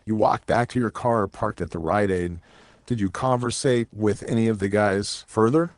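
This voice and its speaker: A man interviewing a guest with measured, leading questions. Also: fairly low pitch, dry recording.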